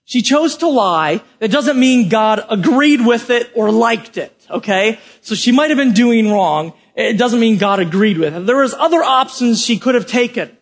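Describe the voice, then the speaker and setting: Guy preaching, husky and kinda high, goes from loud questions to quiet explaining. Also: lively intonation, normal speed, few pauses. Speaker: pastor. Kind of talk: sermon.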